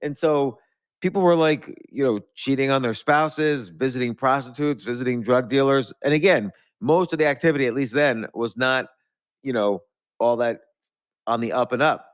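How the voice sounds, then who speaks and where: Middle-aged male host, medium pitch, rambling anecdotal storyteller, dead-dry room. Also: normal speed, no echo. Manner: rambling anecdotes with restarts and laughs. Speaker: podcast host. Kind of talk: storytelling in conversation.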